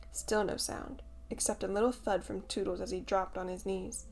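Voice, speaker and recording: A woman's voice: medium pitch, steady tone, normal speed, vocal fry, darkish tone. Woman narrating a storybook. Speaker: audiobook narrator.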